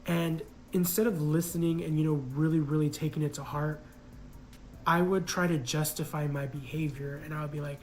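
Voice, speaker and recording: A man's voice: fairly high pitch, level tone, normal speed, slight background noise, poor audio. A man casually telling a personal story in a reflective, hesitant way, full of fillers.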